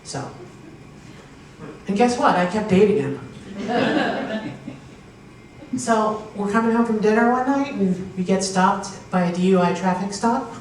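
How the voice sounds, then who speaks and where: Her mid-range voice is expressive and a bit mellow as this woman from Pennsylvania works through a stand-up set, speaking a little slowly with long pauses. She tells stories, imitates the people she quotes, and laughs at her own punchlines before a live crowd. The sound is distant and echoey, with faint noise.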